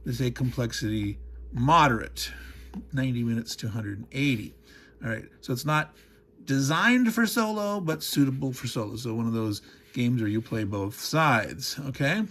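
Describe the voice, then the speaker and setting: A husky man talks through an unboxing at an easy, middle pitch. He rambles off into side topics and chuckles along the way, then circles back to the box in front of him. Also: normal speed, fairly bright tone. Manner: rambling, digressive, chuckles often. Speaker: board game unboxing host. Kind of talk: casual unboxing narration.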